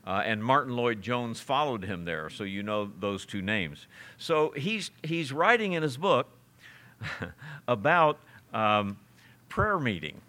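Male pastor, bright voice, casual preaching style with scripture readings. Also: medium pitch, very animated, slow. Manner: conversational preaching, reads scripture aloud, chuckles. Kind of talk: sermon.

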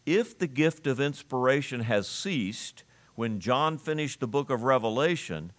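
A man preaching an expository sermon, emphatic, slowing down to stress key phrases and reading scripture aloud. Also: mid-range voice, lively intonation, a bit bright. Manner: reads scripture aloud in old-fashioned wording.

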